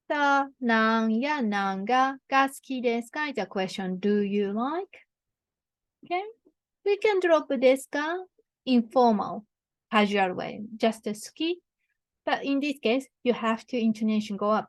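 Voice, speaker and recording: A woman's voice: a little high, normal speed, no echo, studio quality. A woman from Japan with a Japanese accent, teaching a beginner grammar lesson and patiently modelling phrases for learners to repeat. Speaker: Japanese tutor.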